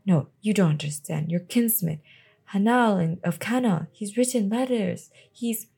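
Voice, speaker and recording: A woman's voice: mid-range voice, measured pace, gravelly, dark tone, breathy edge. A woman reading the lines of a desperate, defiant young woman in a novel, in her own plain voice with some stumbles.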